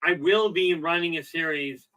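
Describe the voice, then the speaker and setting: A man's voice: fairly high pitch, normal speed, pushed and bright, poor audio. A middle-aged man hosting a self-help livestream, rambling in a folksy way with lots of "okay" and "you know," and telling jokes. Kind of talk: casual livestream talk.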